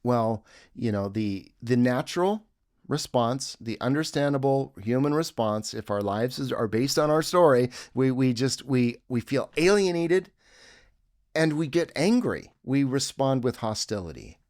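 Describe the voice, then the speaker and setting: A man's voice: mid-range voice, lively intonation, a little slow, darkish tone, no room sound, clean studio sound. A man giving a reflective teaching talk with a breathing exercise, earnest and musing, with audible exhaled sighs. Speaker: self-help teacher.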